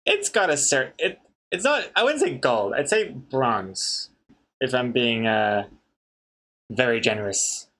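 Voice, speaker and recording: Taking his time, this comic artist reads his live chat aloud, bantering and laughing at viewers' jokes. His medium-pitched voice is a bit bright with lively intonation.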